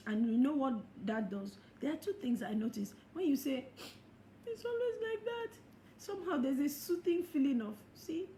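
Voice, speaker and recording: A middle-aged woman coaches her listeners in a motivational talk, laughing often and acting out the thoughts she quotes. Her voice sits fairly high and mellow. The room is echoey, with a faint hiss behind her. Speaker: life coach.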